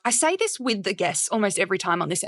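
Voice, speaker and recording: An Australian woman hosting a podcast, chatty and quick to laugh, giving warm praise to her guest. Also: mid-range voice, sing-song, no room sound. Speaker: podcast host. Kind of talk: casual podcast chat.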